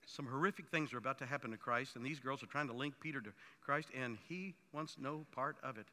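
A man's voice: medium pitch, brisk, bright, forceful tone, big-room sound. A man preaching a sermon, emphatic and building in force as he drives his points home. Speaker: pastor.

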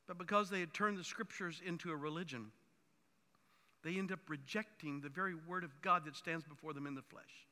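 Brief: emphatic male pastor, high, sharply bright voice, long hall reverb. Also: brisk. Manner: emphatic, builds in force. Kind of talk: sermon.

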